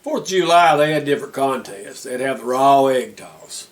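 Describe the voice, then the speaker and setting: A man telling a family story in an interview in a lively, amused way. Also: medium pitch, normal speed, recorded from a distance.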